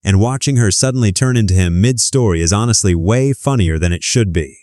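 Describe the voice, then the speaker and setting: A man's voice: on the low side, brisk, darkish tone, dry recording, clean studio sound. A man reading wry, scripted narration that links clips together.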